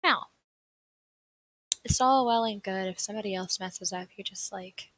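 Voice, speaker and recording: A woman's voice: medium pitch, moderate pace, a bit bright, rough recording. A young woman with a Southern American accent, chatty and rambling as she presents a seminar on a livestream, laughing often. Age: young adult. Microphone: desk mic on a livestream.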